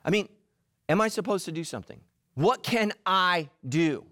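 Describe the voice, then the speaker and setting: Male pastor, middle-aged, comic sermon, lively up-and-down voice, dry close sound. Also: sits high, moderate pace, no room sound. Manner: animated, acts out voices and quotes. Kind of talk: humorous sermon.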